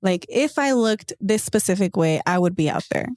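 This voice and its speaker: A woman's voice: medium pitch, moderate pace, dry recording, studio quality. A woman hosting a casual chat, telling stories with animation and acting out what her friends said. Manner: animated storyteller, acts out friends' quotes. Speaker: host.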